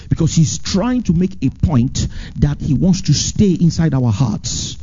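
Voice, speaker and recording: A man delivers a sermon as pastor, swinging between high, urgent emphasis and low, slow phrases. His voice sits a little above average for a man, mellow and slightly husky. The recording is muffled and lo-fi. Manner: animated preaching, swings from high emphatic lines to low drawn-out ones.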